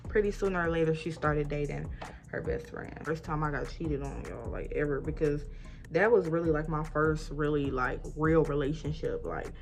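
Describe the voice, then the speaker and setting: A woman's voice: deep voice, normal speed, faint music behind. A woman in her twenties telling an emphatic, casual storytime while getting ready, acting out both sides of an argument. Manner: animated, emphatic storytelling, often addressing listeners as y'all; acts out both sides of arguments, rising loud when retelling fights. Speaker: vlogger.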